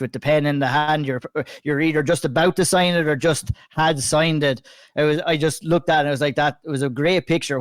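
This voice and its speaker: A man's voice: on the high side, clean tone, no room sound, studio quality. A man with an Irish accent hosting a podcast, asking loose, filler-filled interview questions. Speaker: podcast host.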